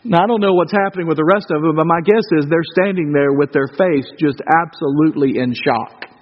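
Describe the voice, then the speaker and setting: American pastor guy preaching, high voice, big hall echo, kinda muffled. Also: fairly quick. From United States. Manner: conversational, rhetorical questions, swings from loud to hushed. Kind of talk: sermon.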